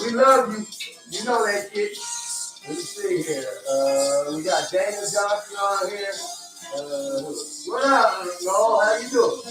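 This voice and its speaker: High-voiced man swearing on a livestream. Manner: profane, joking, reads out viewer comments. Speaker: livestream host. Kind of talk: casual livestream chat. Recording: echoey room, mic far off, music behind.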